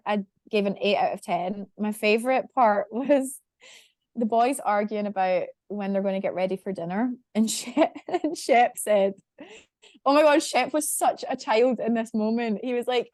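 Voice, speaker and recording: A woman's voice: on the high side, darkish tone, dry recording, clean studio sound. A woman co-hosting a casual reality-TV podcast, chatty and laughing, swearing now and then. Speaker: podcast co-host. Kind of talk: casual chat.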